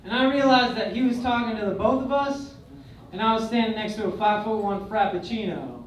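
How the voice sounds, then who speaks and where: A young male comedian telling crude, swaggering stories in a stand-up set, swinging between loud and quiet. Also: high voice, a little fast, noisy background. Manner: crude, swaggering storytelling with big swings in loudness. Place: comedy club stage. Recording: echoey club recording from far off. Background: audience laughter.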